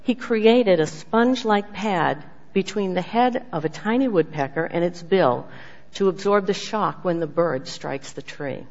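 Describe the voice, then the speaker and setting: An earnest speaker giving a sermon with personal testimony, swinging from emphatic lines to hushed ones. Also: mid-range voice, a little slow. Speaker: speaker giving a devotional message. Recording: dull lo-fi sound with long hall reverb.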